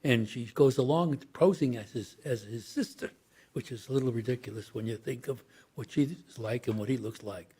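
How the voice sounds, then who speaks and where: Husky older man telling stories. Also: mid-range voice, moderate pace, dark tone. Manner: rambling anecdotal, acts out quoted voices. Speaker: actor guest. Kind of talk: storytelling interview.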